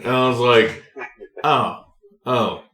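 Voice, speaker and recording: A young man hosting a podcast, telling stories in an animated, profane casual chat. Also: medium pitch, slow pace, echoey room. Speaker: podcast host.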